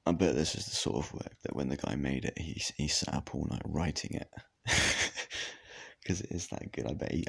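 A man talks through a casual reaction video in an extremely deep voice full of gravelly fry and a husky edge. He rambles, restarts his sentences and swears offhandedly. His commentary is loose and chatty. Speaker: reaction vlogger.

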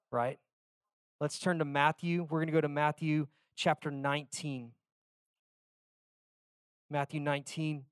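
A man preaching a sermon, telling a personal story in a conversational way, dropping to quiet asides and reading scripture slowly. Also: on the high side, clean tone, no echo, studio quality. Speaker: pastor.

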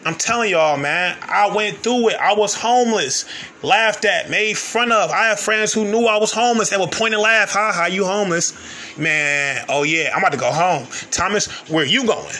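A man's voice: sits high, bright, forceful tone, slight background noise. A young man hosting a podcast, telling a personal story in an earnest, confiding way and often addressing listeners directly. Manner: earnest, confiding, peppers talk with "man" and "y'all". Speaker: podcast host.

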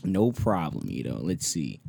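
A man from Orlando co-hosting a casual podcast, his voice sitting a little low. The sound is dry and close, with no room around it. He laughs a lot and tumbles into quick repeats when he gets flustered. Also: big pitch swings, vocal fry, darkish tone, husky, no echo. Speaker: podcast co-host.

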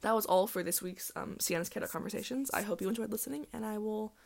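A woman's voice: medium pitch, quick pace, creaky, husky. A young woman hosting her own solo podcast, chatting in a rambling way full of ums and restarts. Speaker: podcast host. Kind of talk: casual solo podcast chat.

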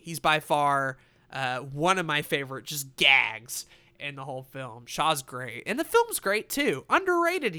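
A young man casually reviewing animated films, excitable and swearing freely. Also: on the high side, smooth. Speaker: film reviewer.

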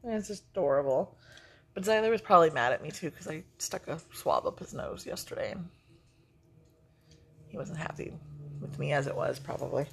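A woman's voice: sits low, expressive, moderate pace, vocal fry, pauses often, slight background noise. A middle-aged woman chatting casually, a gushing grandmother with lots of fillers. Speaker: vlog co-host, grandmother. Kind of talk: casual breakfast chat.

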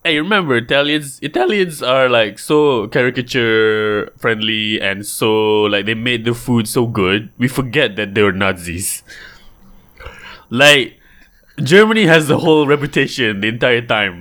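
A man's voice: mid-range voice, expressive, normal speed, a bit bright. A man guest-hosting a podcast, joking and laughing through loose comedic rants. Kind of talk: casual comedic podcast banter.

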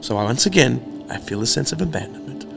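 A man telling a casual, animated story about staying at a hostel. He swears freely and acts out each side of the arguments he recounts. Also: medium pitch, a little fast, creaky, music in the background.

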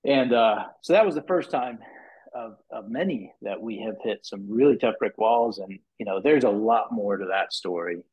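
Husky-voiced man telling a story. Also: moderate pace. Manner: animated storyteller, many restarts and "you know"s, rises high acting out quotes. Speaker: podcast guest, business owner. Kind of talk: casual storytelling interview. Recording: muffled lo-fi podcast audio.

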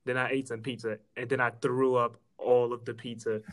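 A young man talks casually in a flat, even voice. He jokes with laid-back slang. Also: medium pitch, normal speed. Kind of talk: casual chat.

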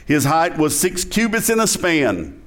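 A man's voice: a little high, sing-song, a little slow, a bit bright. Man with a Southern lilt preaching a sermon. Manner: conversational preaching, chuckles, asks the congregation questions. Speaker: pastor.

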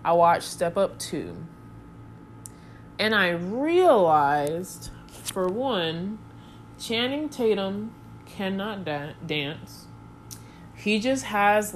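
A woman's voice: fairly low pitch, slight background noise. A young woman chatting casually to her viewers, rambling with goofy asides. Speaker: vlogger. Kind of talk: casual chat to camera.

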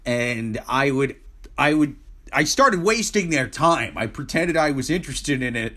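A man co-hosting a casual podcast, swearing freely as he tells a story. He acts out both sides of the phone calls he describes, at an everyday middle pitch. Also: lively intonation, unhurried, bright, forceful tone. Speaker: podcast co-host.

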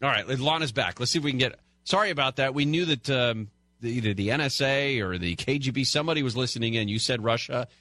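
A man's voice: mid-range voice, fast talker, sharp tone, no room sound, clean studio sound. A man co-hosting a talk radio show, chatting conversationally with fillers and restarts. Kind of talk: casual talk radio chat.

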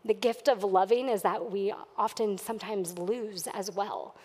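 A woman's voice: mid-range voice, measured pace, darkish tone, big-room sound. A woman pastor preaching a sermon to her church, earnest and at times emphatic. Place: church sanctuary.

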